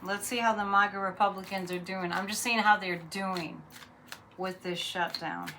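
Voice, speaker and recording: A woman's voice: medium pitch, steady tone, normal speed, noisy background. A woman reading tarot cards in a casual, blunt, chatty monologue. Her voice rises sharply when she is incredulous. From Massachusetts. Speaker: psychic reader.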